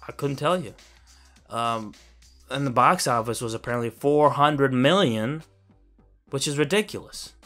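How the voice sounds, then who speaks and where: A man's voice: medium pitch, fairly bright tone. A man giving a casual, profane and sarcastic review of a film he finds ridiculous, laughing as he rants. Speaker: movie reviewer. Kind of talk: casual ranting movie review.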